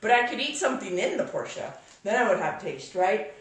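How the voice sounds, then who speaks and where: A woman giving a workshop talk to a live audience, telling a story in a lively, exclamatory way. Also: medium pitch, moderate pace. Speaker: workshop speaker. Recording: echoey room, voice from far off.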